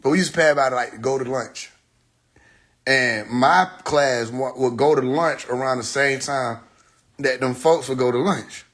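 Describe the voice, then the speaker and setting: A young man hosts a phone livestream, chatting casually and telling stories animatedly, laughing and acting out the people he quotes. His mid-range voice runs a little slow.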